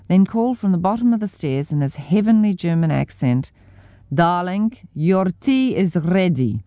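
A low-voiced New woman narrates her memoir with a wry, self-mocking wit and a very lively, swooping delivery. Her tone is warm and mellow, and the recording sounds dry and a little dull. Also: dry recording. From New Zealand. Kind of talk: scripted audiobook narration.

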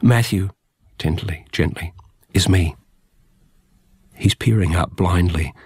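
A man reading first-person narration from a book in a measured, quiet, unhurried way. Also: sits low, slightly rough, no room sound, clean studio sound. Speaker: audiobook narrator.

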